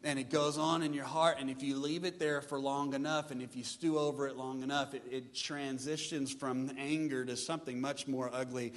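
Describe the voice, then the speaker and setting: A pastor preaching a sermon with lively delivery, acting out his listeners' excuses in changing voices. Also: mid-range voice, moderate pace, hardly any pauses, big-room sound. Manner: animated preaching, mimics congregants' excuses.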